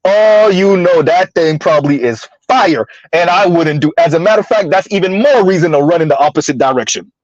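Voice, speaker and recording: A man's voice: a little high, expressive, a little fast, few pauses, no echo. A man hosting a casual livestream, chatting with viewers, laughing often and stumbling over repeated words. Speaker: livestream host. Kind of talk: casual livestream commentary reading chat. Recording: dull lo-fi dry sound.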